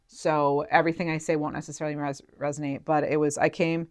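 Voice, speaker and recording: A woman's voice: low voice, flat delivery, a little fast. A woman giving an intuitive tarot reading to her viewers, chatty and emotional, thinking aloud with many fillers. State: near tears at moments. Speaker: tarot reader.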